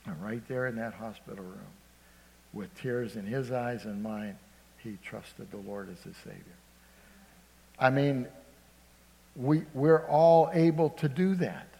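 A man preaching a sermon as pastor, calling out "Amen?" to the congregation and swinging between loud emphasis and hushed storytelling. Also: medium pitch, a little slow, creaky, long pauses. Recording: long hall reverb.

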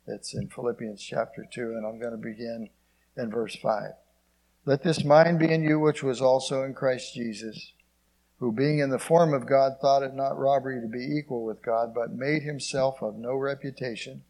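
Man, preacher, sermon, reads old scripture, emphatic peaks, quiet low passages, mid-pitched voice. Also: fairly even intonation, normal speed. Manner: reads scripture in King James wording, then explains it plainly; asks the congregation "Amen?".

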